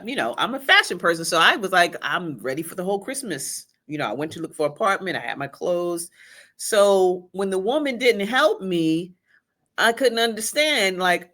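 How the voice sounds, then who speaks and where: A middle-aged woman, a guest, telling an emotional personal story in a halting way, with restarts and quoted speech. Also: medium pitch, sharp tone.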